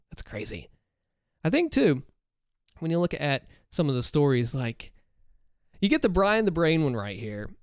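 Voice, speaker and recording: Casual upbeat guy hosting a stream, kinda high voice, super dry close sound. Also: smooth, no room sound. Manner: upbeat, chatty, talks to chat. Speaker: livestream host and story narrator. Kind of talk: casual livestream chat.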